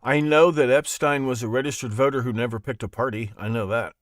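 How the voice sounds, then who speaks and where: A man's voice: mid-range voice, brisk, dry recording, studio quality. A man hosting his own show, talking in a rambling, sarcastic way and laughing at his own jokes. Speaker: podcast host. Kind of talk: casual monologue.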